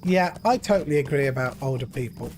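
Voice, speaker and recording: A middle-aged man streaming a game, telling an emotional story in an earnest, animated way. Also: mid-range voice, fast, soft background music. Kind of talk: casual storytelling while gaming.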